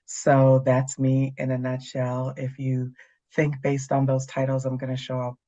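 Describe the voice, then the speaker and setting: A woman's voice: very deep voice, monotone, a little slow, mellow, lo-fi sound. A middle-aged woman from Canada, speaking as a guest in a casual conversation, candid and dryly funny. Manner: candid, dry humor.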